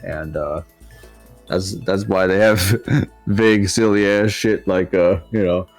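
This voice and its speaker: A man's voice: deep voice, steady tone, unhurried, faint music behind. A man co-hosting a game stream who jokes around in a laid-back way and laughs often. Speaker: voice actor and co-host. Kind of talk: casual banter during a game stream.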